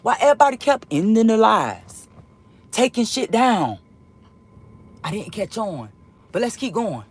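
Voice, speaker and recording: A woman telling a personal story in a casual monologue, emotional and profane, rambling and swinging between loud outbursts and hushed asides. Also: a little high, very animated, measured pace, pauses often, slightly rough. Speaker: storyteller vlogger.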